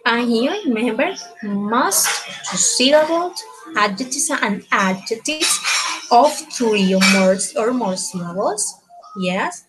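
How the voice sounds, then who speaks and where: Woman, teacher, fairly high voice, slow, repetitive tag questions. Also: expressive, rough recording. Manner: slow, repeats words, ends phrases with tag questions. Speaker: English teacher. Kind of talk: slow grammar lesson.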